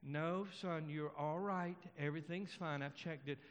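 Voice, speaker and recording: A preacher voicing a mother calmly reassuring her frightened child at bedtime. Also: a little high, measured pace, dull audio, natural voice. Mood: firm. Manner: calm, firm, reassuring. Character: patient mother soothing a scared child. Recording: long hall reverb.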